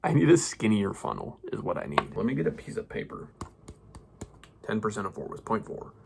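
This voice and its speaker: A man's voice: fairly low pitch, expressive, a little fast, creaky, noisy background. A young man casually talking through a hobby perfume-mixing vlog, rambling and self-mocking with slangy asides.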